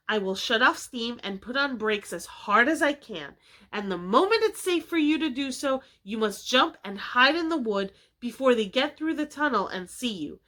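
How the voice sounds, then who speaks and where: A woman doing a grave, kindly engine driver. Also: a little high. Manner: grave, steady. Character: stern but kindly male engine driver.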